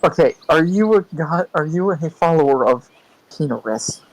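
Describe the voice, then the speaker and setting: A man's voice: on the high side, expressive, normal speed, lightly acted, poor audio. A man voicing a stern, prim noblewoman in a tabletop role-play, speaking in a reproachful manner. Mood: disapproving. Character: stern, proper adult noblewoman.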